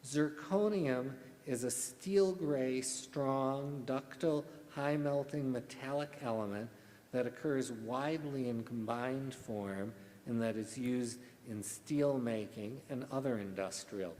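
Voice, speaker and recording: A man calls out words and definitions at a school spelling bee at an unhurried, measured pace. His voice sits in a middle register and rings with the long reverb of a large hall. Each syllable comes out carefully enunciated. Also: medium pitch, darkish tone, a little hiss or hum. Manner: slow, deliberate enunciation. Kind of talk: formal reading of words and definitions. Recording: echoey hall.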